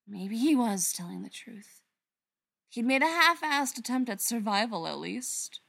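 A woman narrating a story aloud in an expressive storytelling manner. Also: a little high, unhurried, gravelly. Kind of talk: reading fan fiction aloud.

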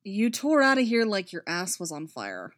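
A woman doing a gruff, suspicious male prisoner. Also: medium pitch, huge pitch swings, moderate pace, fairly bright tone, dry recording. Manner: muttered, blunt, suspicious. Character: wary, gruff male ex-soldier held in a cell.

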